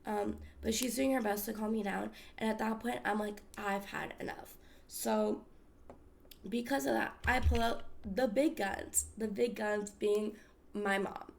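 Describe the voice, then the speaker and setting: Woman with heavy vocal fry. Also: mid-range voice, steady tone, measured pace, slight background noise. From United States. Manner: candid and emphatic, swears freely, many fillers. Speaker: podcast host. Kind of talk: casual storytelling chat.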